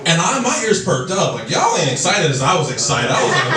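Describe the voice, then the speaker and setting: A man's voice: a little high, sing-song, a little fast. A man doing a stand-up comedy set, telling stories loosely and profanely and working the crowd. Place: comedy club stage. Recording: echoey club recording from a distance.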